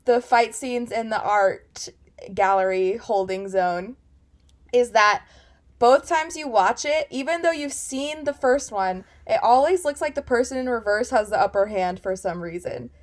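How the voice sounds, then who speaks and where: A woman's voice: on the high side, measured pace. A woman co-hosting a podcast, chatting casually in a giggly, rambling, eager way. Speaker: podcast co-host.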